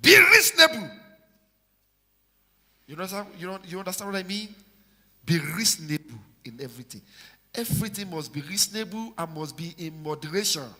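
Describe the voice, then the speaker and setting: High-pitched preacher in a reverberant hall. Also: male voice, animated, fast talker, a bit bright. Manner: exhorting, call-and-response with congregation. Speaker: pastor. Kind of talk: sermon. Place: large church hall. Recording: live church hall with long reverb.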